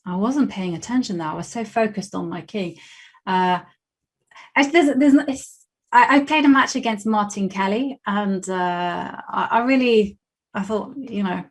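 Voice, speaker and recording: A woman's voice: mid-range voice, normal speed. A young woman with a West London English accent talks her way through chess games on a live stream. She is chatty and laughs easily, and she thinks aloud with plenty of restarts. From England. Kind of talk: casual live-stream chat while playing chess.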